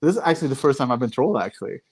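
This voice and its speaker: A man's voice: medium pitch, sing-song, racing, creaky, husky. A man hosting a podcast over a video call, chatting casually and often searching for his words. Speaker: podcast host. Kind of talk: casual chat.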